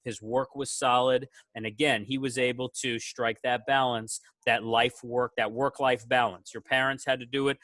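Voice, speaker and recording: A man, a teacher, giving a casual award speech to his students on a video call, praising each one with animated quoted asides. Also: mid-range voice, normal speed, hardly any pauses, no room sound.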